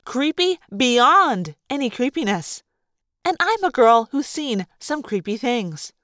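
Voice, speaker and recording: Animated woman reading a story aloud. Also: high voice, slow, dry recording, studio quality. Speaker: audiobook reader. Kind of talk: expressive first-person storybook narration.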